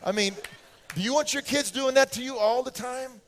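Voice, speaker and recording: A man's voice: extremely high pitch, normal speed, slight background noise. An older American man preaching a sermon, telling stories and acting out little scenes with his children's voices. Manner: animated storytelling, acts out voices of his kids.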